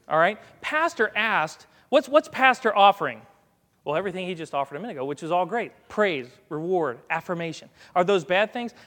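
A man's voice: high-pitched, fairly bright tone, big-room sound. A man giving a chatty, folksy sermon and calling commands to a dog as he speaks. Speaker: guest preacher. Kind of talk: conversational sermon with live dog demonstration. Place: church sanctuary.

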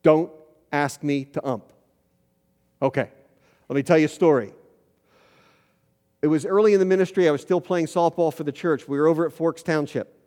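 A middle-aged male pastor preaching with a fairly high voice, his words carrying a long echo through a church hall. He tells stories and climbs louder to drive points home. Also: moderate pace, pauses often. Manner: storytelling, rising loud for emphasis. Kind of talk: sermon. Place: church sanctuary.

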